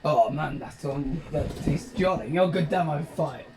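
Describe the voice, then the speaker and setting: A man's voice: on the high side, unhurried, noisy background. A British man giving rambling, jokey gameplay commentary, describing himself as a dull talker. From Britain. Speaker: gaming channel host.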